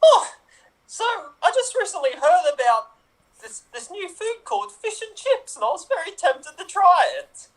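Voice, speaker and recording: A man voicing a small, anxious young male clownfish in an improv comedy scene over a video call, indignant and shouting for help. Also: extremely high pitch, sing-song, normal speed, exaggerated voice, low-quality recording. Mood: outraged.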